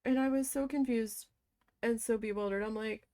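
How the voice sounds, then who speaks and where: A woman casually telling a story from her past, animated and swearing as she quotes her own shocked reactions. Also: mid-range voice, a little fast. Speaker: crafting vlogger.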